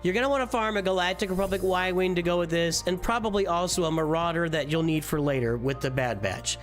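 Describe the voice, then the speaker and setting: A man's voice: high-pitched, fast talker, faint music behind. A man casually reviewing a viewer's game roster on a live stream, rambling and easily distracted. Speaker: gaming streamer.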